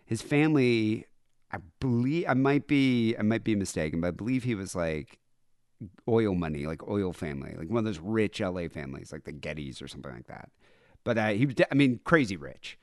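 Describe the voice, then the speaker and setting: A man's voice: on the low side, animated, brisk, a little mellow, no echo, clean studio sound. Rambling nasal man hosting a podcast. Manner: rambling, laughs often. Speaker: podcast host. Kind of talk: casual chat playing old clips.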